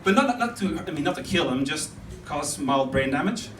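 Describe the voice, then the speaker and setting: On a comedy club stage, a young man chats his way through a loose stand-up set and laughs along with his own jokes. His fairly high voice is expressive and goes at a normal pace. The sound is captured from a distance in a roomy club, crowd audible.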